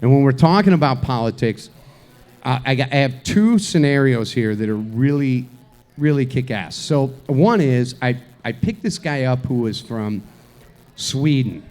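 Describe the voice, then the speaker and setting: A man's voice: mid-range voice, lively intonation, measured pace, darkish tone. A man co-hosting a live show, telling a rambling story with crude jokes and lots of restarts. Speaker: co-host. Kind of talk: casual live show banter. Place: live event venue.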